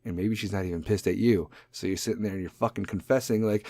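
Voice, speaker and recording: A man's voice: on the low side, fairly even intonation, fast, few pauses, mellow, dry recording, studio quality. A man hosting a podcast, ranting jokingly in a profane, rambling way about random thoughts. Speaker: podcast host. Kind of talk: solo comedic podcast rant.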